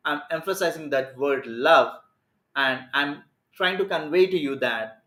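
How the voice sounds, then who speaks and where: A man's voice: on the high side, unhurried. Emphatic man coaching, echoey room. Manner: energetic, emphatic, plays with stress and pace. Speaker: communication skills coach. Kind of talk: live-streamed lesson.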